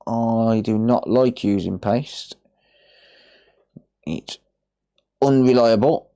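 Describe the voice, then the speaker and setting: A man's voice: on the low side, measured pace, darkish tone. An English man, an electronics repair technician, chatting casually to viewers while working on a livestream, rambling and answering them by name.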